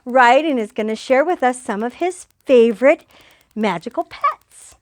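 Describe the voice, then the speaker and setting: An older woman guides young children through a playful yoga lesson. Her voice sits high and cheerful, with a coaxing, encouraging tone. The sound is dry, with no room echo. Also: animated, normal speed.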